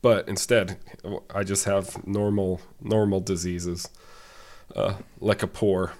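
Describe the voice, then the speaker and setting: A man's voice: sits low, little pitch movement, slow pace, darkish tone. A man co-hosting a podcast, sick and congested, who rants with sarcastic exaggeration. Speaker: podcast co-host. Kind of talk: casual ranting chat.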